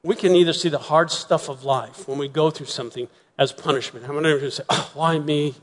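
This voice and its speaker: Male pastor, fairly high voice, earnest sermon delivery with repetitions and soft emphatic pauses, long church-hall reverb. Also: steady tone. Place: church sanctuary.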